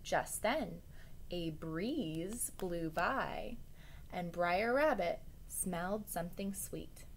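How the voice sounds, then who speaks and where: A woman teacher reading a story aloud to students in an expressive way, with chatty asides to the children. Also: fairly low pitch, very slow, slight background noise.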